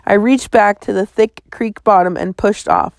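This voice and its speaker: A woman reading a children's novel aloud in a measured storytelling manner. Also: mid-range voice, expressive, creaky, no echo. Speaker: audiobook narrator.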